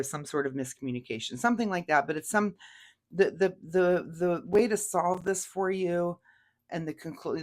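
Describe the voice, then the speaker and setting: Woman, tarot reader, casual, chatty, laughs often, fillers and restarts. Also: a bass voice.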